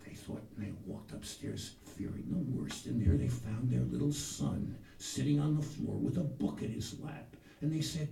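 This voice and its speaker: A man hosting a comic show in a persona, telling folksy stories with sudden shouted bursts. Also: mid-range voice, expressive, slow, vocal fry. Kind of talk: comic storytelling monologue. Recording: roomy, distant mic.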